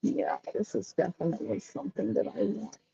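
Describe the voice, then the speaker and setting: A woman's voice: fairly low pitch, sing-song, fairly quick, creaky, mellow, slightly rough, dry recording, lo-fi sound. A woman vlogging casually while she shops in a store, chatty and rambling with folksy sayings. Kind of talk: casual shopping vlog.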